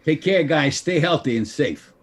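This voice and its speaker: Older man, guest storyteller, husky voice, bouncy lively pitch, acts out quoted dialogue, video call sound. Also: normal speed. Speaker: guest actor. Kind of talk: anecdotal storytelling.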